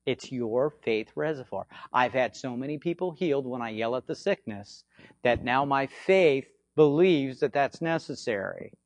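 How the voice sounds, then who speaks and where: A man with a slightly hoarse voice, giving an informal teaching on faith healing, swinging between loud bursts and low asides and often checking in with "okay?". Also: no room sound. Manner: repetitive, conversational, frequent "okay?" check-ins. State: hoarse from frequent yelling.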